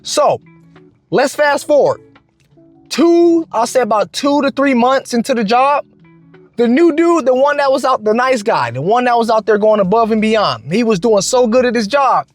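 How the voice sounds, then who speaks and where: A man vlogger telling a work story in a casual, slangy, animated way, with lots of restarts. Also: extremely high pitch, moderate pace, faint music behind.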